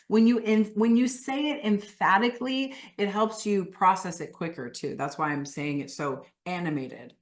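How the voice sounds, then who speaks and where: A woman leading a live online coaching session, talking slowly and emphatically through guided phrases, with lively bursts. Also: medium pitch. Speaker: workshop leader.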